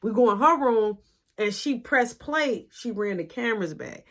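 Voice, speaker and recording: A woman casually telling a personal story in a lively, profane, animated way. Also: fairly high pitch, moderate pace.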